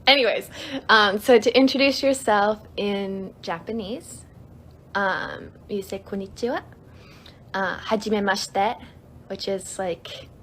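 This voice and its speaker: A woman's voice: mid-range voice, a bit bright, slight background noise. A young woman hosting a casual livestream, chatty and giggly, reading out viewer comments while she teaches a few easy phrases. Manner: giggly, chatty, lots of fillers; reads comments aloud. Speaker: livestream host.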